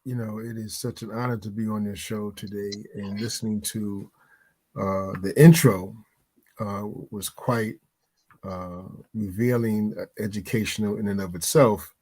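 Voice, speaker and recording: A man as a podcast guest, earnest and measured, quoting scripture with frequent pauses and fillers. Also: lowish voice, fairly even intonation, darkish tone. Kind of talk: interview answer.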